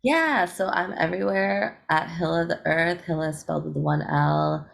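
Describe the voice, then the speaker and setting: On an interview show, a woman eco-rapper from the United States chats in a cheerful, laid-back way, laughing a lot and using many fillers. Her lowish voice is gravelly and moves at normal speed.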